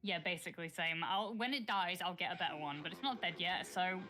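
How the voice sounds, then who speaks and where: A woman with a Northern English accent from near Sheffield chats on a livestream in a blunt, sweary way, laughing easily. Her voice is bright and sharp. Faint music plays behind her. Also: on the low side, brisk. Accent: Northern English, Sheffield area. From northern England, near Sheffield. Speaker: co-streamer guest. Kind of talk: casual chat on a livestream.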